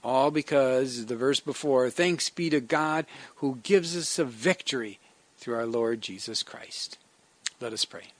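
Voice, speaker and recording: A man's voice: mid-range voice, unhurried, dry recording. A man giving a conversational devotional sermon as a pastor, earnest in tone and often restarting his phrases.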